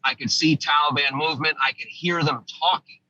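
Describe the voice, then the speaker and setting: Bright-voiced man telling a war story. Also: fairly high pitch, steady tone, fairly quick, slightly rough, no room sound, muffled recording. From United States. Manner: vivid storytelling, acting out quoted lines. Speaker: guest, former army sergeant. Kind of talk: recounting a combat story in a podcast interview.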